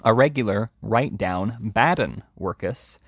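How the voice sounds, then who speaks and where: A man's voice: lively intonation, normal speed, no echo, studio quality. A man doing a sneering, jeering charity boy. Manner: sneering, mocking; shrill yelling when scared.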